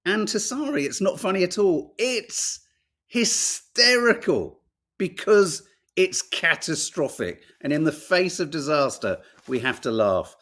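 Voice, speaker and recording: A man's voice: on the high side, a little slow. A man co-hosting a podcast, reading out headlines and reacting with laughter and swearing. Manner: animated, swearing, laughing, mock voices. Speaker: podcast co-host reading newspapers. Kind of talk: casual chat.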